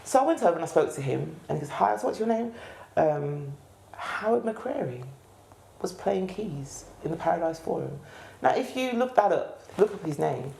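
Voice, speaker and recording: A woman's voice: sits low, vocal fry, a little hiss or hum. A woman with a Birmingham accent, a gospel choir leader telling stories in an interview and acting out the voices she quotes. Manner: animated, acts out quoted voices. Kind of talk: storytelling interview. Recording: echoey room.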